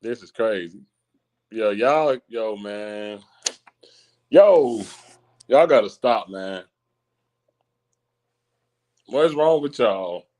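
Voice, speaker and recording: A man's voice: on the low side, animated, extremely slow, long pauses, darkish tone. A man hosting a live stream in casual chat, teasing his chat and laughing often.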